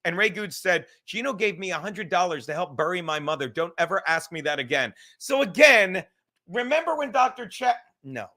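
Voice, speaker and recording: A man with a New York accent hosting a podcast livestream, ranting loudly and profanely, swinging between shouting and muttering asides. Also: sits high, expressive, normal speed. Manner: loud, swearing, rambling, shifts from shouting to mumbling. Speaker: podcast host.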